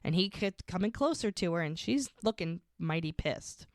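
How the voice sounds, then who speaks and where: A woman with a lowish voice talks through a show recap in relaxed, chatty podcast style. She acts out each quoted line as she goes. The recording is dry and close. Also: normal speed, dry recording. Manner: retells scenes acting out quotes. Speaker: podcast co-host. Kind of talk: casual recap chat.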